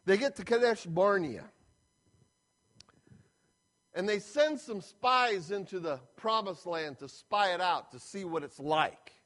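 A man preaching a sermon as a retold story, with dramatic, drawn-out emphasis. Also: high voice, animated, a bit bright.

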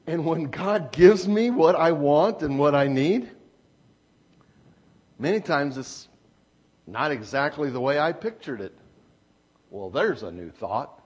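A man preaching a sermon with emphatic, repeated phrases, swinging from loud exclamations to hushed asides. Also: on the high side, lively intonation, slow, long pauses, husky.

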